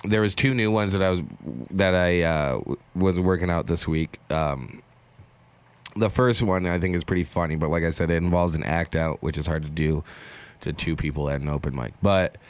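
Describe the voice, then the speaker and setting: A young man with a lowish voice talks loosely through a comedy bit, stopping to laugh at his own lines. He chats casually with friends as host of the show. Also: moderate pace, clean tone. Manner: rambling storyteller, laughs mid-sentence. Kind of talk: casual chat.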